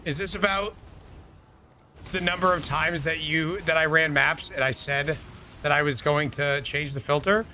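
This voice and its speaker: A man's voice: fairly high pitch, steady tone, moderate pace, pushed and bright, a little hiss or hum. A male streamer chatting casually while gaming, swearing freely and making mock outbursts at his chat.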